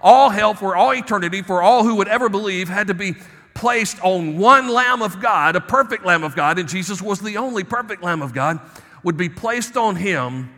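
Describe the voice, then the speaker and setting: High, bright-voiced preaching man. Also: animated, normal speed, long reverb tail. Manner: preaching, swings between soft asides and emphatic rises. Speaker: pastor. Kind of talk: sermon.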